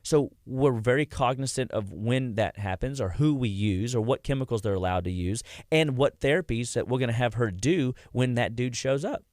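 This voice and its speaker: A man's voice: medium pitch, moderate pace, few pauses, dry recording, clean studio sound. A man guesting on a radio show, talking casually about heart health and acting out stories of his patients. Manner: animated storyteller, acts out quotes.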